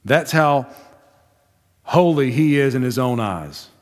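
A male Baptist pastor preaching a sermon in a measured storytelling way, slowing down for emphasis. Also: medium pitch, expressive. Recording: long hall reverb.

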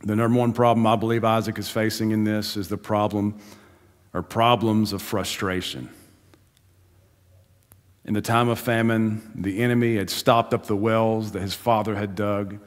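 A man's voice: fairly low pitch, little pitch movement, moderate pace. A pastor giving a sermon in a conversational, storytelling manner, laughing and building emphasis as he goes. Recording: long hall reverb in church.

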